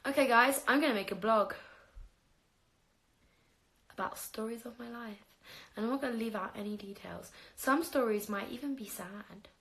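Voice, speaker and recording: A woman's voice: on the high side, normal speed, pauses often, fairly bright tone. A young woman chatting on a phone livestream, telling stories about her life with frequent laughs and casual swearing.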